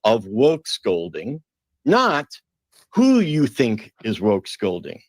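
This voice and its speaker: A man's voice: lowish voice, wildly swooping pitch, takes it slowly, no echo. A man hosting a call-in debate show, blunt and impatient with a caller.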